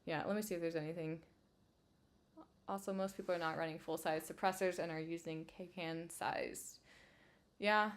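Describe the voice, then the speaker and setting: A woman's voice: lowish voice, steady tone, normal speed, long pauses. Giggly young woman chatting. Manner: giggly, hesitant, lots of fillers. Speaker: channel host. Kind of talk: casual chat.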